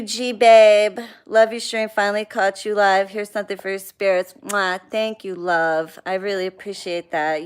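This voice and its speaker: Young woman, mid-pitched voice, casual livestream host, blunt and profane, chatty rants. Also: smooth. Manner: blunt, venting, reads out viewer names and swears freely. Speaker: spiritual practitioner hosting a livestream.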